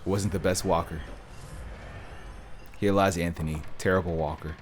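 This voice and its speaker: A man hosting a let's play, giving casual gameplay commentary that swings between loud profane outbursts and low mumbling. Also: fairly even intonation, moderate pace, a little hiss or hum.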